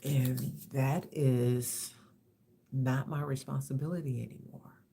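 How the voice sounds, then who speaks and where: A woman in her fifties shares personal reflections at a slow, unhurried pace. Her voice carries a gravelly, creaky texture. She halts and repeats words as she searches for what to say. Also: very deep voice, fairly even intonation, slight background noise. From Los Angeles, USA. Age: 50s. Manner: halting and reflective, repeats words, soft-spoken candor. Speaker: livestream host.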